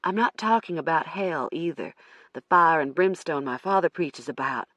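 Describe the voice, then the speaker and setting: A woman's voice: sits low, normal speed, a bit bright, dry recording, dull audio. An audiobook reader voicing a young female colleague who speaks adamantly and earnestly. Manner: adamant, searching.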